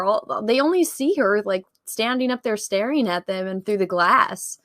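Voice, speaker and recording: Woman, mid-pitched bright voice, animated, laughs often, dry close recording. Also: brisk, hardly any pauses, no echo. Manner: animated, laughs a lot, acts out quotes. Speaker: podcast guest. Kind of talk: casual film discussion.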